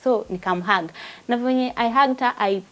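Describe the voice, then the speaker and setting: A woman's voice: a little high, moderate pace, a bit bright, poor audio. A woman with a Kenyan accent, a guest giving an emotional personal testimony and mixing Swahili with English.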